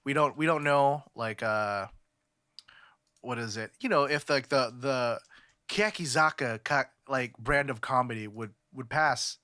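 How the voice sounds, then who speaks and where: A man's voice: medium pitch, measured pace, bright, forceful tone, dry recording, studio quality. A young man from California chatting on a podcast, rambling with lots of fillers and restarts. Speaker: podcast co-host. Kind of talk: casual podcast chat.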